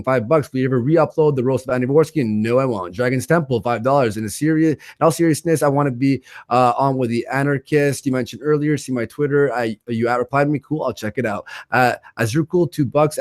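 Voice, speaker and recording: A man hosting a livestream, quickly reading out viewer donations and their messages in a casual way. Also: medium pitch, darkish tone, dry recording, clean studio sound. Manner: rattles off donor names and messages. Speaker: livestream host.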